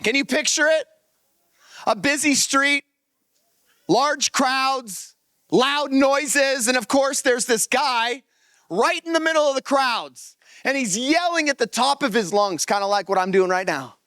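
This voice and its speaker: A pastor preaching a lively sermon to his congregation, reading scripture aloud and acting out the story. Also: extremely high pitch, a little slow, dry recording. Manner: animated, energetic preaching to a congregation. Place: church service.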